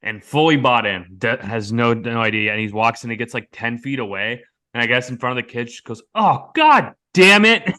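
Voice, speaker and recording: A man's voice: mid-range voice, fairly quick, few pauses. An American man in casual conversation, animatedly telling a prank story and acting out the lines of the people in it. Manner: animated storyteller, acts out quotes loudly.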